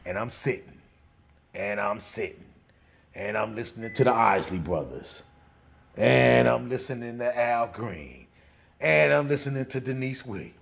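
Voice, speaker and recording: A man's voice: medium pitch, animated, unhurried, gravelly, a bit bright. A man casually telling a rambling story from his youth. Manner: rambling, laughs through the telling.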